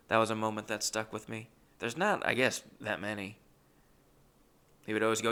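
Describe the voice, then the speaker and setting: A young man tells rambling comic stories, often breaking off mid-sentence and swearing casually. His voice is gravelly, with a bright, forward edge. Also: on the low side, flat delivery, moderate pace. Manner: rambling, swearing, self-interrupting. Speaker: comedian.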